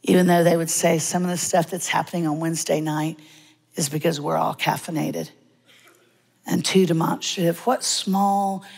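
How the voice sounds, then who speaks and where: A woman, preaching a humorous, lively sermon in a church sanctuary with dramatic pauses. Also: lowish voice, gravelly, slightly rough. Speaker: guest preacher. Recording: long hall reverb.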